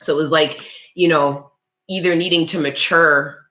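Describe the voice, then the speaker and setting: A woman's voice: deep voice, steady tone, moderate pace, bright, forceful tone, muffled recording, a little hiss or hum. A woman giving a live-streamed tarot reading, rambling and chatty with many restarts, and talking straight to her viewers. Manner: talks to live chat viewers. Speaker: tarot reader. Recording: roomy echo.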